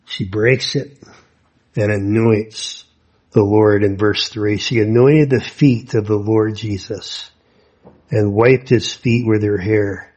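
A man preaching a sermon to young people, unhurried, with folksy asides and many fillers. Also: lowish voice, fairly even intonation, a little mellow.

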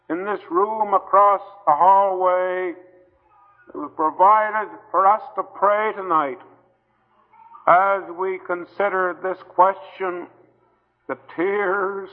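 A high-voiced man preaches an old-time gospel sermon at a slow, deliberate pace. He pleads earnestly with his listeners, leaving long pauses between phrases. The recording is thin and phone-like, with a long reverb from the hall.

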